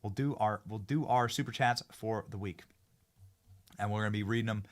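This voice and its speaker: A man hosting a live-streamed talk show from a studio, speaking in excitable casual chat and often repeating and restarting his phrases as he hypes guests. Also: on the low side, brisk. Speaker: political talk show host.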